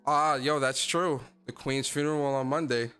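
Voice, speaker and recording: A man's voice: medium pitch, steady tone, normal speed, pushed and bright, smooth, faint music behind. A man hosting a casual gaming livestream, speaking in loose slang and getting fired up as he talks straight to his chat. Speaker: gaming streamer and podcast host.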